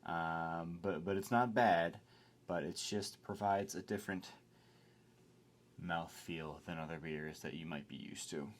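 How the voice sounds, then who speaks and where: Low-voiced guy chatting about a beer, relaxed and rambly, lots of ums. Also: unhurried. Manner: laid-back, rambling with many fillers. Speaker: beer review co-host. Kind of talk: casual beer review chat.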